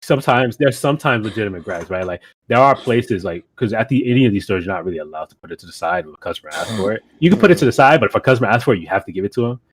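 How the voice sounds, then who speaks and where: A man's voice: fairly low pitch, expressive, very fast, few pauses, breathy edge. A young man on a podcast, casually telling a rambling anecdote with lots of fillers and restarts. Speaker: podcast co-host. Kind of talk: casual chat.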